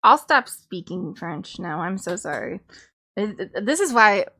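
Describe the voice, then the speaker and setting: A woman's voice: mid-range voice, big pitch swings, unhurried, bright, forceful tone. A young woman streamer chatting casually between songs, rambling, joking at her own expense and laughing often, with reverb on her voice. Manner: self-mocking, joking.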